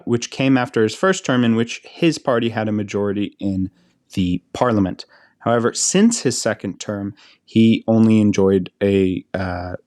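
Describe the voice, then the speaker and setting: An American man co-hosting a podcast, explaining politics in a measured, hesitant way with many fillers. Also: on the low side, a little mellow, no echo, clean studio sound. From United States. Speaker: podcast co-host.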